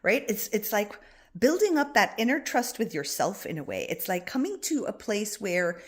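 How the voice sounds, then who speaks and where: Gentle, reassuring woman coach. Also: mid-range voice, very animated, normal speed, husky. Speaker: spiritual coach. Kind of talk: heartfelt spoken advice to an online group.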